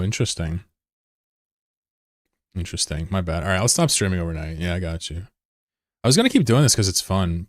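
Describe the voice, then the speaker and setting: A male streamer from the United States with a low, deep voice. He talks in a loose, rambling way and cracks jokes while answering his chat. The recording is close and dry, with no room sound. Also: dry recording. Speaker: live streamer. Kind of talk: casual live-stream chat.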